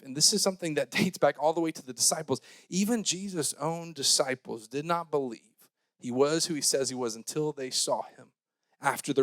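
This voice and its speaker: A young male youth pastor delivers a casual, jokey sermon. His voice sits a little high, and the sound is close and dry. He reads scripture loudly and slowly, then drops into quiet, quick asides. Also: dry recording. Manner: jokey, conversational, swings between loud scripture reading and mumbled asides.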